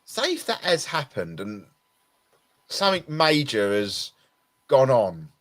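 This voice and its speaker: A man's voice: medium pitch, very animated, slow pace, a bit bright. A tired man with an Essex accent, co-hosting a casual talk show and rambling with many restarts. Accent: Essex English. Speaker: podcast co-host. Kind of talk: casual conversation.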